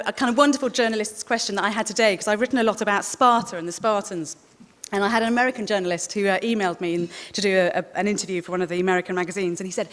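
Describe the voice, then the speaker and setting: A woman historian and author giving a lively, chatty talk to a live audience. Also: mid-range voice. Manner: lively storyteller, chatty asides. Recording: long reverb of a large hall.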